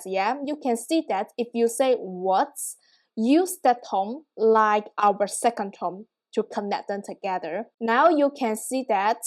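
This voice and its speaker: Slow, patient woman teaching tones. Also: a little high, darkish tone. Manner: slow, patient, checks in with "yeah?". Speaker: Mandarin teacher. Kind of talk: online language lesson.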